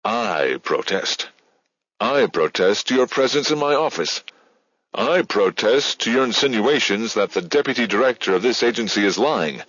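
A man playing a cold, domineering male director in an audiobook, curt and commanding. The voice sits low and heavy. It is recorded dry and close with a dull, lo-fi tone. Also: expressive, moderate pace, fairly bright tone, no room sound. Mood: angry, commanding.

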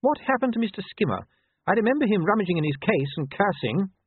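A man voicing a kind, gentle noblewoman in a raised, soft voice. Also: very animated, quick pace, husky, dry recording, heavily acted. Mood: fond. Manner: soft, high, tender delivery. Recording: tinny phone-like dry sound.

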